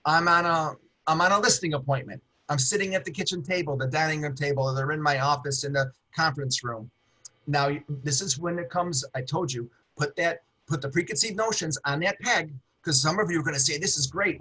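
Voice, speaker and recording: A middle-aged man teaching over a video call, rattling along at a quick, animated pace. His voice sits a little high and sounds bright and husky. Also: rough recording. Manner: fast-talking, animated, with hand gestures. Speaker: guest trainer on a webinar. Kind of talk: casual webinar teaching.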